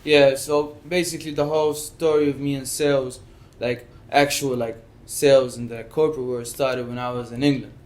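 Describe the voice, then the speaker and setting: A man telling a personal work story in a casual chat, animated, often repeating words and restarting. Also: mid-range voice, normal speed. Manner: animated, acts out his own inner voice and others in quotes. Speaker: guest.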